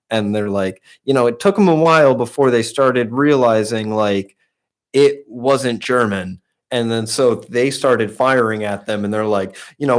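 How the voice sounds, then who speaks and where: A young man co-hosting a podcast, telling a long story in a rambling, profane way, packed with "like" and restarts. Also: fairly low pitch. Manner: rambling storyteller, heavy swearing and filler "like". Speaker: podcast co-host. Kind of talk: casual chat.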